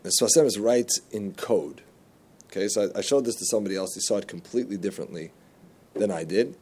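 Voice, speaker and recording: A man giving a religious lesson, telling jokes and stories, with animated jumps in pitch on key words. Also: a little fast. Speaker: Torah teacher.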